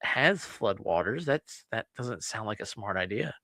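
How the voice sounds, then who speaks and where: A man's voice: on the low side, expressive, measured pace, creaky, bright, forceful tone, dry recording, clean studio sound. A man co-hosting a casual live-stream show, laid-back, giving short replies and talking to the chat. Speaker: podcast co-host.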